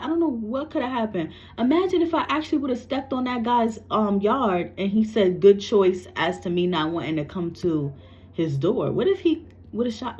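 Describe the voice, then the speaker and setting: A woman's voice: fairly high pitch, a little mellow, highs cut off. A psychic medium, a woman from New York, animatedly tells a personal story to camera and swears freely.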